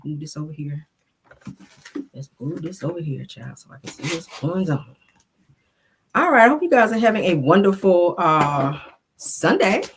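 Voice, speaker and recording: A woman's voice: lowish voice, big pitch swings, normal speed, pauses often, a little hiss or hum. A middle-aged woman, casually recapping a reality show, sassy and chatty, a bit congested from a cold. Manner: chatty, sassy, says "child" and "y'all" a lot. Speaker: reality TV review host.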